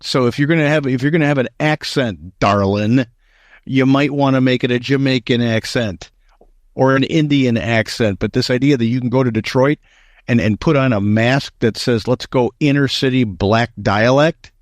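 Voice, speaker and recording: A man's voice: medium pitch, moderate pace, no echo. A man co-hosting a casual political talk show, emphatic and opinionated, often restarting his sentences. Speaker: co-host.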